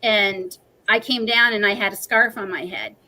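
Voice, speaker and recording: A woman's voice: mid-range voice, moderate pace, pushed and bright, poor audio. A woman in her forties, a livestream guest, telling a personal story in an earnest, emotional, talkative way.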